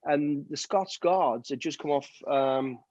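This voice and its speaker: A man's voice: fairly high pitch, slow pace, darkish tone, dry recording. A man telling army stories on a video call through earbuds, acting out the voices in his anecdotes with casual swearing. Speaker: guest, ex-soldier. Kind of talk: storytelling interview on a video call. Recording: dull, dry video-call audio.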